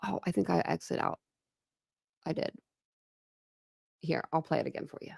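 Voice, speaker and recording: A woman with a Southern twang, from Ohio, hosting a true crime livestream. She rambles casually through her thoughts with plenty of fillers and side comments, her voice slightly gravelly. The sound is dry and close. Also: sits low, expressive, darkish tone, no room sound. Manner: rambling and chatty, many fillers and quick asides. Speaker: true crime channel host.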